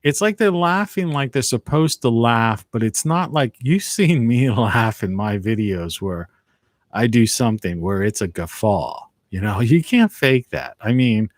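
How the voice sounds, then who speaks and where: A man with a lowish voice talks through a casual live-stream monologue at home. He rambles and reflects, circling back and trailing off. The sound is dry and close, with no room echo. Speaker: live video host.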